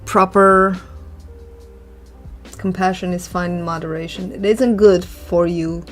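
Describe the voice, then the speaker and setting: A woman with a fairly low, steady voice speaks slowly as she draws, chatting casually and musing aloud like an art vlogger. She's opinionated and sighs often, with faint music playing in the background.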